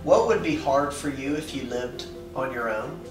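A woman hosting a casual interview while baking, asking gentle, probing questions and giving cooking instructions. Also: rumbling low, moderate pace, roomy sound, faint music behind, low-quality recording. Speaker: host.

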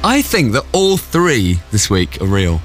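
Lively, exasperated male radio host. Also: fairly low pitch, measured pace, faint music behind. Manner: animated, exasperated and self-mocking. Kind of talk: casual radio banter.

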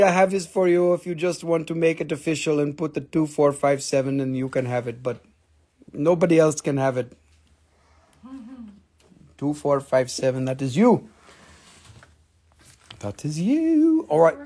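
A man's voice: on the high side, a little mellow. A man selling minerals on a casual live stream, joking, swearing and rambling as he talks. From Appalachian Valley, United States.

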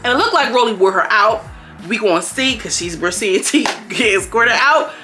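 A young woman giving a casual recap of a reality show, animated and slangy, often slipping into voices for the people she quotes. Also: a little high, normal speed, over music. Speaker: reality TV reviewer.

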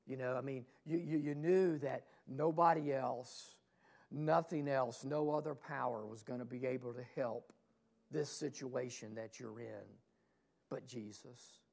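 Gravelly-voiced man preaching a sermon. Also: mid-range voice, fairly even intonation, measured pace. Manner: dynamic preaching, swelling loud then dropping to hushed asides; rhetorical questions to the congregation. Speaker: pastor. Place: church sanctuary.

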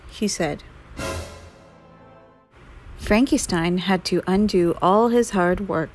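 Woman reading a kids book real slow, gravelly voice, soft music behind. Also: fairly low pitch, rough recording. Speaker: storyteller. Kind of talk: children's book read-aloud.

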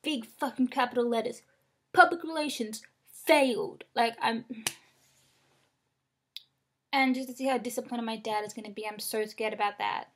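A woman's voice: fairly high pitch, flat delivery, normal speed, pauses often. A young woman venting to the camera about failing, upset, rambling and frank, swearing often, recorded at close range in a small room. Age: young adult. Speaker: vlogger.

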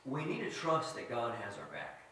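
Animated male preacher in an echoey hall. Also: medium pitch, normal speed, slight background noise. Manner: animated, asks the audience questions. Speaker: guest speaker. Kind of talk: storytelling sermon. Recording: very echoey hall, mic at a distance.

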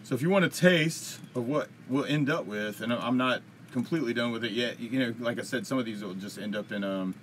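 A man's voice: medium pitch, a little fast, a bit bright, slight background noise. A man hosting a casual live-streamed music Q&A, answering chat from his computer in a rambling, upbeat way with lots of fillers. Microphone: computer mic at a desk.

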